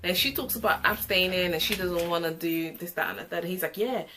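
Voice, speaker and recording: A young woman giving an opinionated, sassy casual review of a reality show, with animated asides. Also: fairly low pitch, quick pace.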